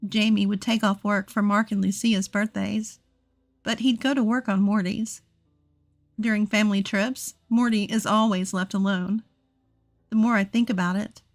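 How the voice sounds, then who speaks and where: A woman narrating a scripted first-person family story in an earnest, steady manner. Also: medium pitch, creaky. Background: faint music.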